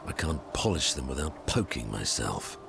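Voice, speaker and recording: An actor voicing a gentle, whimsical male creature companion in a video game, with a very deep, gravelly voice. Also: sing-song, normal speed, background noise, full character voice. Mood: fussy. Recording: game clip with loud music.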